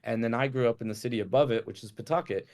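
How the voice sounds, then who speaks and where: A man's voice: mid-range voice, racing, a little mellow. A man from Rhode Island telling a story as a guest in a casual chat, laid-back and swearing freely while acting out the dialogue.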